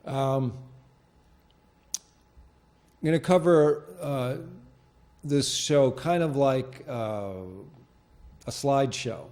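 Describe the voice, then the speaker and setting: A man hosting a local TV show from a studio, talking off the cuff in a halting, rambling way with lots of fillers and restarts. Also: medium pitch, dark tone. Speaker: host of a local cable show. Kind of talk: unscripted studio monologue. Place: TV studio with green screen.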